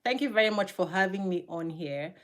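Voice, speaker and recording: Emphatic middle-aged woman guest. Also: brisk. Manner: emphatic, laughs often, rises high when animated. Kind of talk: emphatic casual interview talk.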